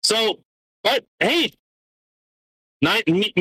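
A man's voice: on the high side, expressive, measured pace, bright, forceful tone, no room sound, poor audio. A man co-hosting a casual podcast, ranting sarcastically, swearing often and stumbling as he reads out documents. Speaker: podcast co-host.

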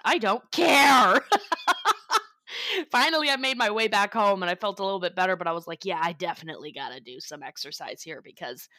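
A woman's voice: on the low side, bright, forceful tone, dry recording. Woman co-host, casual podcast chat, weepy and candid, laughs a lot, dry close sound. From Florida, United States. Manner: chatty, laughs often, tearful and candid.

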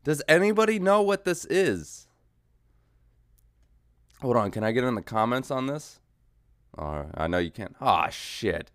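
Male podcast host, animated comic riffing, dry close mic. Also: medium pitch, measured pace, long pauses, dry recording. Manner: rambling, swearing, mocking riffs. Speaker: podcast host reacting to clips. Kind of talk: casual comedic commentary.

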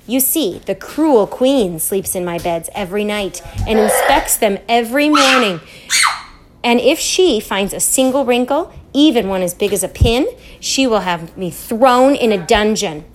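A woman voicing a playful, kindly older lady in a storybook, speaking softly and confidingly. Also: a little high, expressive, a little slow, very noisy. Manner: soft, quiet and confiding.

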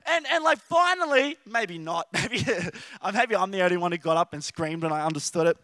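Aussie guy preaching, really high voice, goofy acted-out bits, dry close sound. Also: a little fast, dry recording. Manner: animated storytelling with playful acted-out voices. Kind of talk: sermon.

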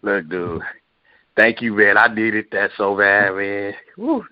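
A man's voice: on the low side, steady tone, slow, dry recording, highs cut off. A man hosting an online poetry radio show, chatting casually and laughing helplessly between exclamations. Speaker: show host.

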